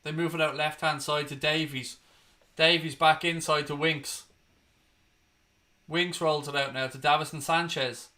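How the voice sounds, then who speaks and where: A young Irish man calls the match live for his watchalong, blunt and sweary, flaring into outrage at bad calls. His voice sits a little high and rings bright and forceful. He keeps talking over the play without pause. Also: fairly even intonation. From Ireland. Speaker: watchalong host. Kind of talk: live match commentary and chat.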